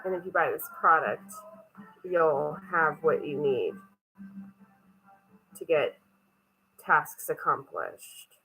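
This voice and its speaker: Woman vlogger, bright voice, rambling and self-mocking, swears freely, phone-filmed home walk-through with faint music behind. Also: low voice, expressive, takes it slowly, long pauses, breathy edge, low-quality recording. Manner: talks while walking around her home. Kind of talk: casual rambling vlog. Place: cluttered home.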